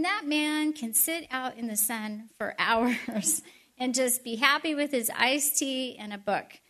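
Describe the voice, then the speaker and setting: A middle-aged woman giving a storytelling sermon with chatty, animated asides. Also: high voice. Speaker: speaker at a Christian event.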